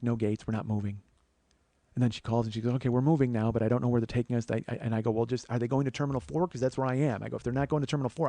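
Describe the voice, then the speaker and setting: A man's voice: mid-range voice, no echo. Man telling a wild story on a podcast. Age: 40s. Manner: animated, acts out both sides of conversations; swears casually, frequent restarts. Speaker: podcast host. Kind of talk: solo comedic storytelling.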